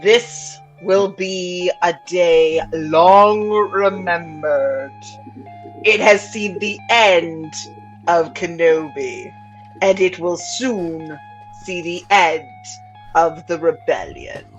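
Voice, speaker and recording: A woman reading a cold, menacing older male imperial commander at a table read, pausing dramatically between words. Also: lowish voice, muffled recording, faint music behind.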